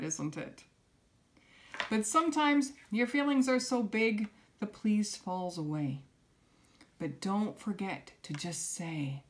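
A woman teaching young children, gently coaxing them to repeat simple phrases after her. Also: lowish voice, expressive, slow. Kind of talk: children's lesson.

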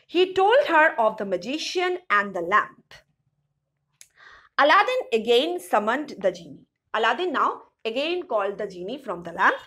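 A woman's voice: fairly high pitch, a bit bright. A woman teacher reading a children's story aloud and then retelling each sentence in simpler words, with questions to the class. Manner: asks rhetorical questions to the class. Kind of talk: storybook lesson explanation.

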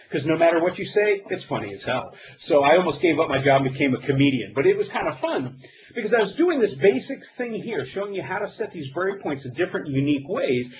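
Male presenter, middle-aged, lively pitch, dull webinar audio, faint hiss. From United States. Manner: animated storytelling, self-deprecating jokes. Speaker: technical presenter. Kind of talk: live demo presentation.

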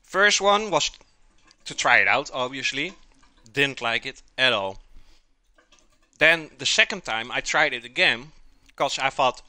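A Dutch-accented man chats casually through a live cooking stream, talking unhurriedly. His voice is sharp and bright, recorded close and dry with no room sound. He reads out viewers' messages and answers them while he eats. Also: mid-range voice, lively intonation, unhurried, pauses often, dry recording. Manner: chatty, reads out and answers chat while eating; talks with mouth full.

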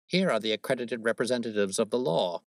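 A man's voice: mid-range voice, lively intonation, fast, dry recording, pitched above the performer's own voice, lightly acted. A man voicing a cool, precise male detective who explains his reasoning in a dry, lecturing way, read as a storybook. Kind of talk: storybook reading.

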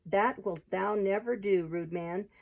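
A woman's voice: mid-range voice, a little slow, gravelly, darkish tone, muffled recording. A woman reading aloud, voicing a bold young noblewoman disguised as a page in a storybook. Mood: defiant.

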